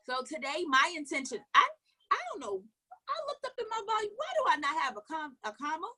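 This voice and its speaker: A woman giving an emphatic motivational coaching talk, firing questions at her listeners, repeating key phrases and dropping into low asides. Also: big pitch swings, fairly quick, sharp tone. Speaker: network marketing coach.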